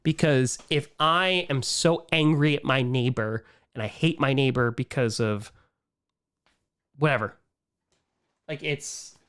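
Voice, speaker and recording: A man hosting a casual livestream Q&A, animated and ranting, swinging from excited outbursts to quiet, weary muttering. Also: mid-range voice, slow pace, pauses often, clean tone. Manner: ranting, frustrated. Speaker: livestream host answering viewer questions. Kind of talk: casual live-stream chat.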